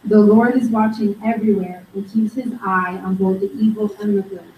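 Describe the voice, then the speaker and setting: A woman at a Bible study reading scripture aloud in a steady, plain voice. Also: mid-range voice, moderate pace, phone-quality sound, a little hiss or hum. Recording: roomy, distant, faint background.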